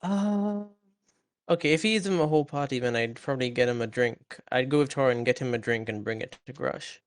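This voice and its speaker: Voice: medium pitch, brisk, dry recording. Hesitant player in a tabletop game. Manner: hesitant, chatty, many fillers. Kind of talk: casual tabletop play.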